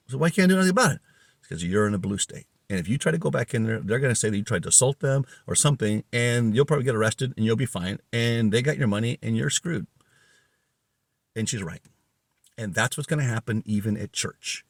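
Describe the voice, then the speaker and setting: An agitated man tells a story in a casual podcast monologue and acts out each exchange. His pitch swings widely from high, strained peaks down to low, quiet stretches. The sound is dry and close. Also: no echo. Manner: agitated storytelling, reenacts dialogue, voice rising and falling sharply. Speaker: podcast host.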